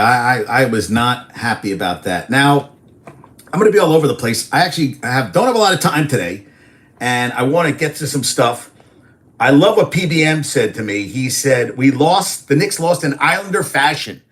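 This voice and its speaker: Rambling excitable sports-talk man. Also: fairly high pitch. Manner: rambling, excitable, repeats himself. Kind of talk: casual solo sports talk.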